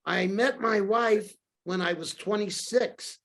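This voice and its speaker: Slow and creaky, his voice sits high. This older man from New York appears as a podcast guest, telling anecdotes in a casual interview and animatedly voicing the dialogue he quotes.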